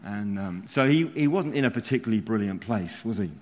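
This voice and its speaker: Chuckling preacher in a reverberant hall. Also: male voice, fairly low pitch, lively intonation, a little fast. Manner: storytelling with frequent chuckles. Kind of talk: sermon.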